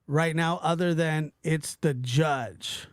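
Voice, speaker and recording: A man hosting a casual livestream, talking to his chat in a rambling, animated way, often stopping and restarting. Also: a little high, takes it slowly, no room sound, clean studio sound. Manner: animated, rambling, self-interrupting, mimics voices in quotes. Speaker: livestream host reading chat.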